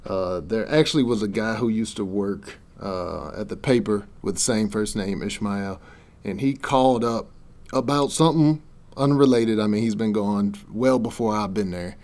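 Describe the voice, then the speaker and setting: A man's voice: lowish voice, moderate pace. Man teasing and telling stories. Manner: teasing, animated storytelling. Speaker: podcast co-host. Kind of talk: casual chat.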